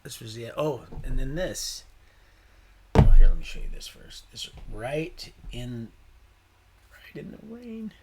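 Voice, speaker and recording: A man's voice: medium pitch, measured pace, noisy background. Rambling folksy man on a livestream. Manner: folksy and meandering, mixes faith talk with swearing; swings from quiet asides to sudden loud outbursts. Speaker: livestream host. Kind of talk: rambling casual livestream talk.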